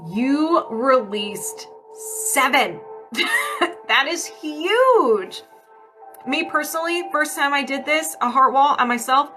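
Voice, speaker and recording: A woman energy healer with a slightly high, sharp-toned voice hosts a casual livestream healing session. She's chatty and upbeat, posing yes-no questions and answering them herself.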